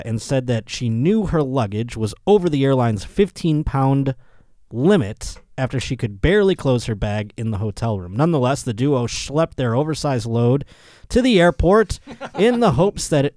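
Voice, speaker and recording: A man's voice: medium pitch, a little mellow, no room sound, clean studio sound. A man hosting a comedy podcast, reading odd news stories with crude, mocking asides and frequent laughter. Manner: puts on voices for quoted people. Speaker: podcast host. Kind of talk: casual comedic news commentary.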